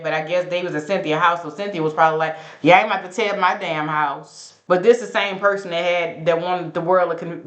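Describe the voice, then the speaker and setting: Woman host, fairly low voice, gossipy recap delivery, animated quoted lines. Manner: chatty, sassy, says "baby" and "girl" a lot; acts out quotes with sudden high pitch jumps. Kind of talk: casual reality TV recap.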